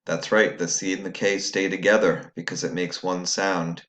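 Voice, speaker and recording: Man, very deep voice, patient teacher, step-by-step phonics lesson, recorded for students at home. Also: level tone, normal speed, fairly bright tone.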